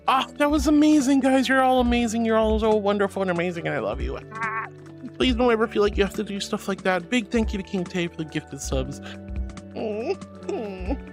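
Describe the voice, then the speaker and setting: A woman's voice: mid-range voice, big pitch swings, moderate pace, soft background music. A young woman streamer chatting casually and reading out chat messages, bubbly, giggly and affectionate.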